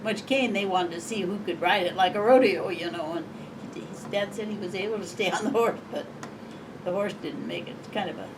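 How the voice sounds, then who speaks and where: A woman's voice: mid-range voice, brisk. Older Montana woman, interviewee; rambling, chuckling storyteller, recorded off-mic with faint hiss. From Montana, USA. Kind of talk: oral history storytelling. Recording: distant mic, faint background noise.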